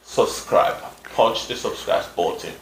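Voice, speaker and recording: A man hosting a casual talk show, explaining in a measured way with fillers. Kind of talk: casual discussion. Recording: echoey room with faint noise.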